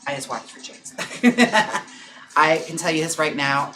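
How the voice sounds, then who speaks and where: A young adult man, a drag performer, chats on a live stream over background music, reading viewer comments in a gossipy way full of "like" and "girl" and quick laughs. His fairly high voice has lively intonation and a sharp tone, in a low-quality recording with a little hiss or hum.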